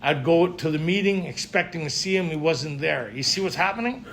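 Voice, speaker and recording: A man's voice: fairly high pitch, animated, fairly quick, creaky, fairly bright tone. Man talking to a group. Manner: conversational, often checks in with listeners. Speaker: recovery speaker at a men's retreat. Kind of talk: casual talk to a group. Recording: faint room ambience and noise.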